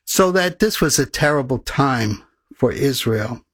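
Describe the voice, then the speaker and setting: A man preaching a sermon, reading scripture aloud in an earnest, measured way and slowing down for emphasis. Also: mid-range voice, lively intonation, a bit bright, breathy edge, dry recording.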